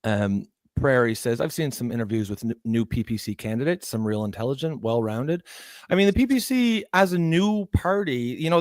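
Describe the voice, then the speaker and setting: A man's voice: medium pitch, dry recording. A man chats in a mid-range voice and stumbles through restarts and fillers as he reads out viewer comments. The sound is dry and close, with no room. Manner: hesitant, filler-heavy, reads chat comments. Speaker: podcast co-host. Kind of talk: casual political chat.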